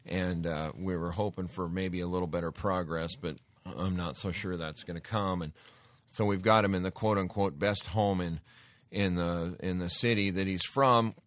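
Deep-voiced emphatic male talk radio host. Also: fairly even intonation, moderate pace, fairly bright tone, no echo. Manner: emphatic, repeats words and restarts.

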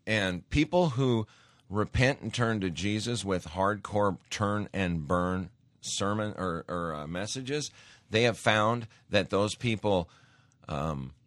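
A man hosting a faith talk on the radio, telling stories with animated, emphatic bursts. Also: fairly low pitch, takes it slowly, dry recording. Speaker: radio host.

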